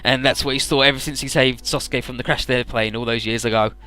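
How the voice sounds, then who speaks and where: Bright, clear-voiced man recapping a game story. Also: mid-range voice, fairly even intonation, fast, no echo. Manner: laid-back, swears freely, lots of "uh" and "he's like". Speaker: let's player summarizing a game story. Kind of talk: casual recap with quoted character voices.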